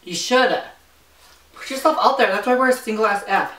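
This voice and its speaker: A woman's voice: on the high side, fairly quick, a bit bright. A young woman hosting a casual mukbang chat, telling travel stories with lots of fillers while she eats. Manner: chatty, eating while talking, filler-heavy storytelling. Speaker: vlogger host. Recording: echoey room, mic at a distance.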